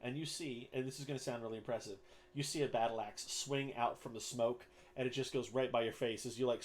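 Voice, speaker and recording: Man, game master, mid-pitched voice, casual animated narration, faint room noise. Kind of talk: narrating a tabletop game online.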